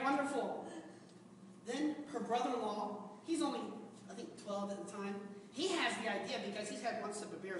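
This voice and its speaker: A man giving a humorous personal story speech to a club audience, animated and laughing along as he tells it. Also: very high voice, noisy background. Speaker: speaker at a public speaking club. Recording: echoey hall, recorded from far off.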